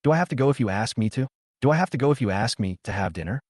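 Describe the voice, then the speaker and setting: A man's voice: medium pitch, animated, racing, a little mellow, dry recording, studio quality, lightly acted. A man voicing a bitter, resentful young street vendor.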